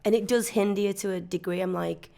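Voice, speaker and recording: A woman's voice: medium pitch, steady tone, fast, vocal fry, dark tone. A woman from Leeds with a Leeds accent, chatting as an actress guest on an interview podcast, full of "like" fillers and restarts. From Leeds, England. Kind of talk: casual conversational interview.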